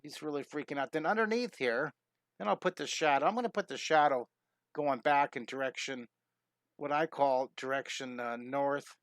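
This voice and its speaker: Middle-aged male art teacher on a live stream, chatty and eager, bright tone, dry close sound. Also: medium pitch, no echo. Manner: enthusiastic, chatty, greets viewers, quick cat sound effects. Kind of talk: live-streamed drawing lesson.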